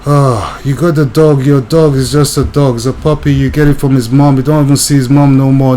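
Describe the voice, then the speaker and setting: A man's voice: mid-range voice, fairly even intonation, fairly quick, few pauses, over music. A young man giving a blunt, rambling monologue, often repeating himself with filler words. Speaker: channel host. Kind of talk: casual monologue commentary.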